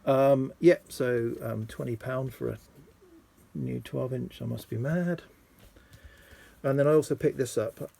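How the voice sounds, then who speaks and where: A man's voice: unhurried, pauses often, dark tone. A man chatting casually about his record finds, hesitant, with lots of ums and restarts. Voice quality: low gravelly husky voice. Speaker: vinyl collector vlogger. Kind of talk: casual rambling show-and-tell.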